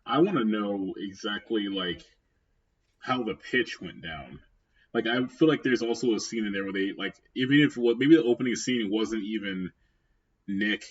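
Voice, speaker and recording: Husky man on a muffled podcast mic. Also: on the low side, normal speed. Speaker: podcast co-host. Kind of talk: casual chat. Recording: dull lo-fi sound.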